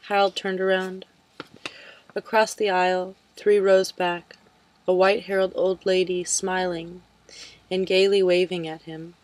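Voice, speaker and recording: A woman calmly reading a novel aloud, unhurried, sometimes dropping to a soft whisper. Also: fairly low pitch, poor audio. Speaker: reader.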